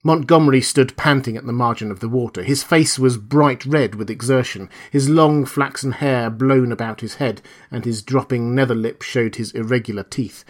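A man reading a classic novel aloud in the first person, in a measured, steady storytelling manner. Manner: measured, steady storytelling that voices quoted lines with a raised pitch. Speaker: audiobook narrator.

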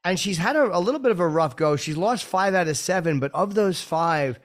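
A man's voice: high-pitched, lively intonation, fairly quick. A man hosting a chat show who makes dry, wry remarks and interviews a guest. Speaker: podcast host.

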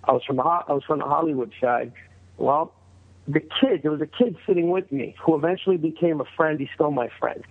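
A middle-aged man from New York, sitting in as a guest and spinning a story in loose, casual talk. His voice sits a little high for a man, and he keeps slipping into the voices of the people in his story. It all comes through a thin, tinny line that sounds like a phone. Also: fairly quick. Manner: animated, acts out quoted voices in a higher pitch.

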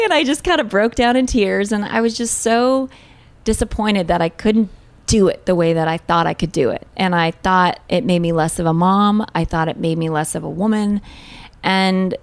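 A woman in her forties, a guest telling a personal story in an earnest, heartfelt way with tender pauses. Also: lowish voice, steady tone, dry recording. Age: 40s.

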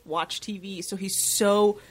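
A woman's voice: mid-range voice, fairly even intonation, slow. A woman in casual chat, thoughtfully explaining her view.

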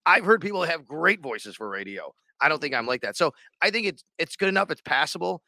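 A man's voice: medium pitch, expressive, fast talker, hardly any pauses, bright, forceful tone, no room sound, studio quality. A man co-hosting a sports podcast in casual chat, rambling and restarting his sentences. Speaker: radio sports show co-host.

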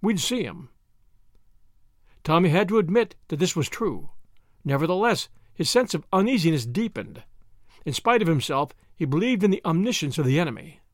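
A man narrating an audiobook in an expressive storytelling manner. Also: a little high, fairly quick, no room sound, clean studio sound. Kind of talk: scripted narration.

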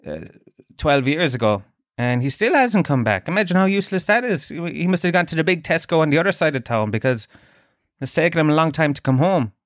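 A man's voice: fairly high pitch, a bit bright, no room sound, studio quality. A man, hosting a podcast with a crude, rambling comic monologue full of asides and quoted voices. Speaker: podcast host. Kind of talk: comedic monologue.

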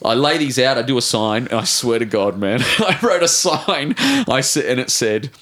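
An Australian man in his forties, an author telling a rambling, animated story in a casual interview, swearing casually and restarting his sentences often. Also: medium pitch, normal speed. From Brisbane, Australia. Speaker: author guest.

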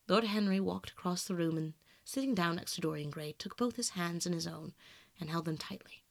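A man narrating a classic novel in a measured, quiet storytelling manner, close to the mic. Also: high-pitched, gravelly. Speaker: audiobook reader.

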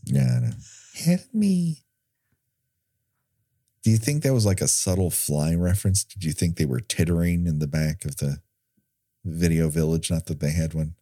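Man, very low, mellow tone, joking commentary host. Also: a little fast, no echo, studio quality. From California. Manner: joking, animated, sarcastic asides. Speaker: podcast co-host. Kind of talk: casual movie commentary chat.

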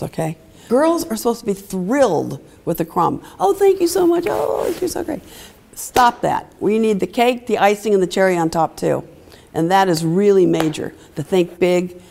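Older american woman, gravelly and husky, lively motivational storyteller. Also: fairly low pitch, moderate pace. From United States. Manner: animated storytelling, acting out voices of family. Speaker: former tennis champion telling her story.

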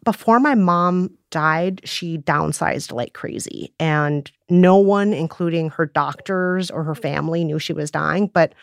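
A woman's voice: low-pitched, measured pace, vocal fry, hardly any pauses, dry recording, studio quality. A woman co-hosting a podcast, talking earnestly and reflectively in casual chat. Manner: earnest, warm laughter, reflective. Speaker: podcast co-host.

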